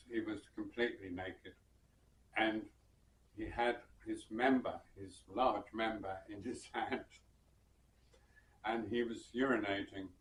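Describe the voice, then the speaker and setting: A man from southern England recalls an old gig, pausing to think and chuckling softly as he goes. He speaks slowly, at a relaxed, drawn-out pace. The recording is roomy, with his voice set a little back from the mic. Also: lowish voice, slight background noise. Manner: unhurried, reflective, with soft chuckles and hesitations. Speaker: musician and bandleader. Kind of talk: personal anecdote storytelling. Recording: roomy sound from some distance.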